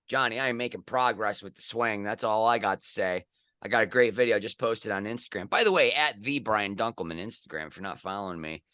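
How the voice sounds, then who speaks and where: A middle-aged man co-hosting a casual sports podcast, jokey and animated, with loud excited outbursts. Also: fairly low pitch, quick pace, clean tone, no room sound, studio quality. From United States. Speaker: podcast co-host.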